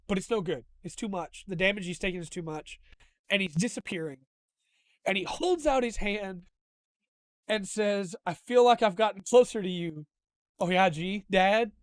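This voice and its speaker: A man's voice: sits high, a bit bright, dry recording. A man hosting a casual review show, retelling scenes with open enthusiasm and emotion. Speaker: host.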